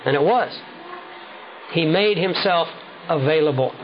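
A man preaching a sermon with measured, emphatic delivery, slowing down to stress key words. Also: on the high side. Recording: dull lo-fi sound with faint noise.

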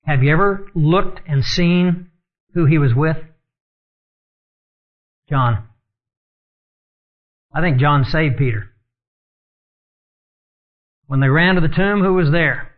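A man's voice: a little high, slow pace, long pauses. A man teaching a sermon in an earnest tone, reading scripture aloud and explaining it. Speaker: Bible teacher. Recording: dull lo-fi recording.

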